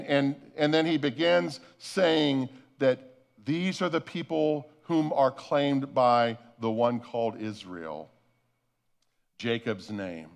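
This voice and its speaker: A male pastor preaching a sermon, retelling a scripture story with lively, acted-out voices and asides to the congregation. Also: fairly high pitch, creaky. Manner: animated storytelling preacher, acts out voices, addresses the congregation as folks.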